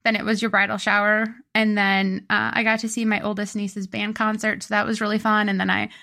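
A woman's voice: medium pitch, level tone, a little fast, creaky, sharp tone. A young woman co-hosting a podcast in casual chat, rambling and correcting herself as she recalls events. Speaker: podcast co-host.

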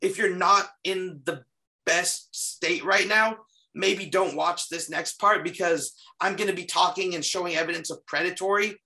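A man's voice: high-pitched, normal speed, gravelly, bright, forceful tone. A man who investigates the paranormal, talking through his case footage on a podcast in an earnest, casual way, with a lot of restarts. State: slightly losing his voice.

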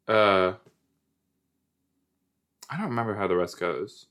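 A man's voice: fairly low pitch, lively intonation, slow, long pauses, a bit bright. A man hosting a casual watch-along podcast, talking playfully to his listeners. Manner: playful, giggly, talks to listeners as "you guys". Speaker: podcast host.

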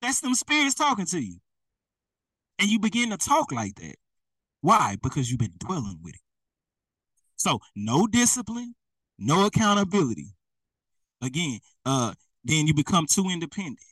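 Male preacher, fairly high and lively voice, emphatic and repetitive, sermon delivery, addressing the flock directly. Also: moderate pace, pauses often, breathy edge, no echo, distant mic, rough recording.

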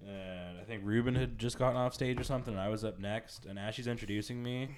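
A male comedian telling an animated anecdote in casual podcast chat. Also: lowish voice, fast, a little hiss or hum. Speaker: comedian guest.

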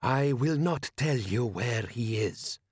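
Guy doing a wry proud desert nomad, slow and deliberate, storybook. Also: medium pitch, animated, husky, no echo, clean studio sound. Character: wry male desert tribesman, proud and dry.

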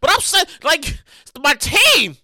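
A New York woman hosts a casual solo podcast, loud and animated, swearing and shouting as she vents. Her voice is high and very bright, and it swings widely in pitch. She is recorded dry on a close mic. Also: takes it slowly, no room sound. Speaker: podcast host.

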